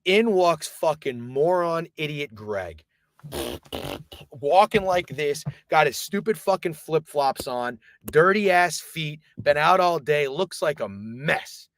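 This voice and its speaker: Brief: male streamer, high-ish voice that jumps around, swears constantly, loose storyteller. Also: takes it slowly, no room sound, clean studio sound. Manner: profane, animated, rambling. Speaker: live streamer.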